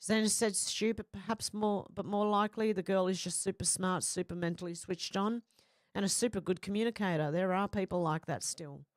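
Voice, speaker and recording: A woman's voice: mid-range voice, a little fast, no echo. An Australian woman hosts a casual livestream and reads her viewers' comments aloud in a mid-range voice. She answers them in a blunt, opinionated way. The sound is dry and close, with no room around it. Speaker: livestream host.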